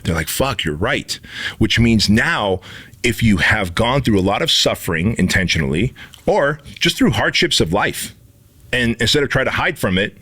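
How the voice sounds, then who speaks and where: A man co-hosting a podcast, telling stories in an animated, profane way and acting out the quotes in them. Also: fairly low pitch, moderate pace, husky. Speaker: podcast co-host and instructor. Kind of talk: casual podcast conversation.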